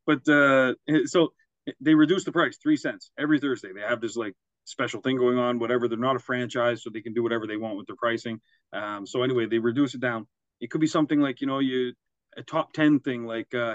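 A man co-hosting a casual business podcast, talking in loose, rambling asides and chuckling at his own jokes. His voice sits at an ordinary middle pitch. The recording is dry and slightly muffled. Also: a little fast, no room sound. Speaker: podcast co-host. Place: Quebec, Canada.

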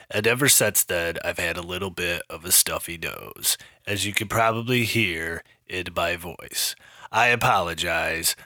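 A man's voice: on the low side, pushed and bright, no echo, clean studio sound, full character voice. A man playing a self-important podcast host with a stuffy nose, earnestly reading his own plugs and ads in a comedic parody podcast. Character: pompous male podcast host, self-promoting.

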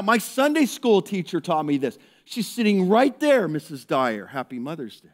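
A man preaching a sermon, his voice sitting a little high for a man. He swings between loud, excited bits where he acts out people and soft, hushed passages as he turns to prayer. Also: normal speed, few pauses. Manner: animated, acts out characters in raised voice, drops to hushed prayer. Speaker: pastor. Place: church service.

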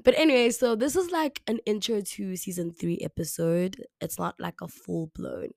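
A young woman from South Africa hosting a podcast alone, talking casually with lots of "like" fillers, her voice hoarse, slightly raspy and deeper after the flu. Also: animated, brisk, few pauses, dry recording, clean studio sound. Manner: chatty, repeats herself, many "like" fillers. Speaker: podcast host. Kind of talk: casual solo podcast talk. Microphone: camera mic, alone indoors.

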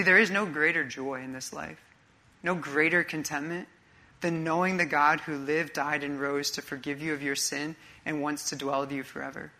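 Earnest, bright-toned man preaching. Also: fairly high pitch. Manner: earnest, conversational preaching with rhetorical questions. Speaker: pastor. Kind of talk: sermon.

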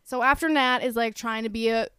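A woman's voice: on the high side, brisk, smooth. A young woman co-hosting a podcast in casual chat, recapping a TV show and acting out the characters' lines. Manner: animated, acts out characters' lines in voices. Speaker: podcast co-host.

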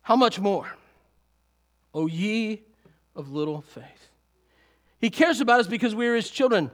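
High-voiced man preaching a sermon. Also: unhurried. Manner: animated preaching with chuckles. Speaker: pastor.

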